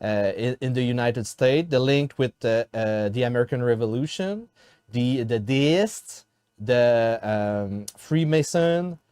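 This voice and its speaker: A man with a French accent hosting an interview in English, his second language, halting often to search for words. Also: medium pitch, expressive, darkish tone, clean tone, no room sound, studio quality. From France. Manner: halting, many fillers and restarts while searching for words. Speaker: host.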